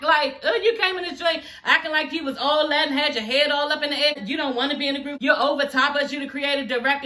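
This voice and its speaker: A woman's voice: high voice, bright, forceful tone. A woman giving a casual TV show review on her vlog, blunt and profane, chatting straight to her viewers as y'all.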